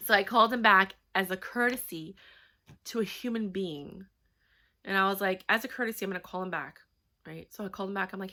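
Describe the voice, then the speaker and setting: Speaking a fairly quick mid-range voice with a sharp tone, a woman in her thirties vlogs candidly about something personal. She rambles, swears and uses plenty of fillers.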